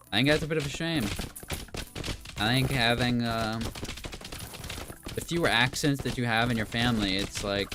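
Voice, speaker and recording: A man chatting casually while playing a video game, musing and meandering with many fillers. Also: lowish voice. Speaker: gaming YouTuber. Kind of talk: rambling commentary over gameplay. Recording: game music playing behind.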